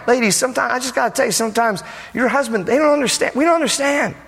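A male pastor preaching a sermon, telling a story in a humorous, animated way. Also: very high voice, fast, creaky. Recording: long reverb of a large hall.

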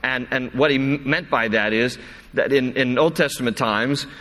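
A male pastor giving a sermon. He reads scripture with emphatic, rising delivery that slows on key words, then drops into casual asides. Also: mid-range voice, pushed and bright. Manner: breaks into casual asides with fillers and restarts. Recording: echoey hall.

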